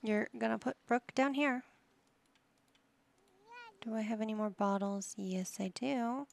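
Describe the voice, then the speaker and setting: Her voice runs on the high side, a little mellow with vocal fry, and she takes her time. She hosts life-sim gameplay on her gaming channel, guiding her characters like a patient parent in casual commentary full of wry, mildly exasperated asides.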